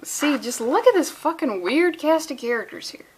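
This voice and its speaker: A woman's voice: high voice, animated, moderate pace, a little mellow. A woman casually reviewing a comic book, sarcastic and profane, acting out the characters' lines in passing.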